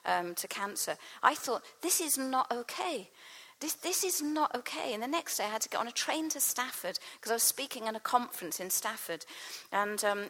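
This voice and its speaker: A woman preacher tells her testimony with fervor, voicing each person in her story. Her voice sits fairly high, and a long reverb from a hall trails her words. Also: a bit bright. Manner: impassioned storytelling, acts out quoted speech.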